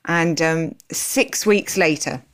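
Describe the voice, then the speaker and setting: Low-pitched woman, interview guest, personal storytelling, animated, acts out old conversations. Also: slow. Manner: animated, acts out remembered dialogue.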